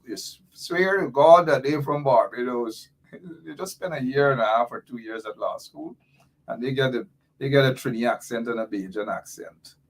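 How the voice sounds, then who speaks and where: A middle-aged man, hosting a live talk show and giving impassioned, rambling commentary while reading out listener comments. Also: medium pitch.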